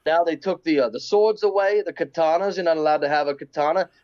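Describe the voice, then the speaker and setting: A cheeky mock British bloke, laid on thick and jokey, as a man puts him on. The voice sits high. The sound is slightly dull and lo-fi. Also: fast, darkish tone, close to an everyday voice. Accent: put-on British. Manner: exaggerated, mocking.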